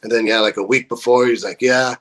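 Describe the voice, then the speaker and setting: A man's voice: medium pitch, a little fast. A young man from California in a band, casually telling a story full of swearing and acted-out quotes. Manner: profane, animated storyteller acting out quotes. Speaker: band member.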